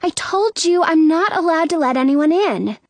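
A woman's voice: very high-pitched, animated, moderate pace, dry recording, pitched above the performer's own voice. A woman voicing a weary, guarded teenage girl. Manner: weary, wary.

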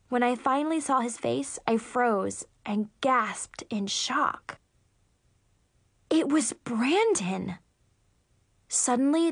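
A woman narrating a first-person teen story in a lively, expressive way. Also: on the high side, dry recording, clean studio sound. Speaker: audiobook narrator.

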